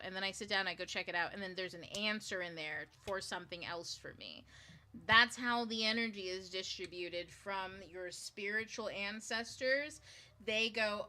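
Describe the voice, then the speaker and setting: A woman's voice: lowish voice, lively intonation, moderate pace, pushed and bright. A woman hosting a book club, explaining spiritual ideas in a loose, chatty way, full of fillers and the odd swear word. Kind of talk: casual spiritual teaching talk.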